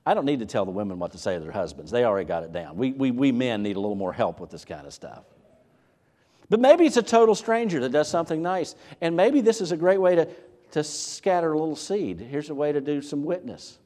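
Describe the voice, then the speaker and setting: A man preaching a sermon as pastor, animated, asking rhetorical questions and repeating words as he builds his point. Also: mid-range voice, a little fast.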